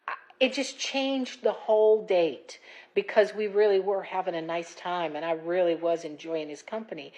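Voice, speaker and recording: A woman in her fifties, candidly retelling a date in a chatty, animated vlog story. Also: medium pitch, poor audio. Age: 50s. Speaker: dating vlogger. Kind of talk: casual storytelling.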